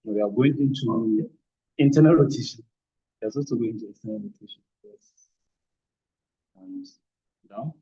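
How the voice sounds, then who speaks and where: Speaking in a low, unhurried voice that is dark, creaky, and slightly rough, this physiotherapy instructor leaves long pauses. He works through a hands-on demonstration on a partner, alternating brief commands with explanations, all in dull, lo-fi audio.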